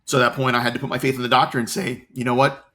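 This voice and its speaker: A man's voice: mid-range voice, little pitch movement, racing, a bit bright. Earnest middle-aged man from Florida. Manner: earnest, repeats words as he searches for them. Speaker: cancer patient interviewee. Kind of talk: interview storytelling.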